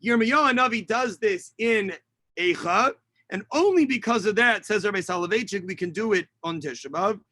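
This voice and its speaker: High, bright male rabbi teaching. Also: lively intonation, moderate pace, dry recording. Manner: explanatory, translates Hebrew lines as he reads, many fillers. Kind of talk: online lesson on Tisha B'Av kinot. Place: home setup on a video call. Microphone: video call mic.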